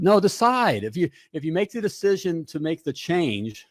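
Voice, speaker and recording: A middle-aged man hosting a live talk show, energetic and repetitive, tossing in "all right?" and "hey" between lines. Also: on the high side, moderate pace, dry recording, clean studio sound.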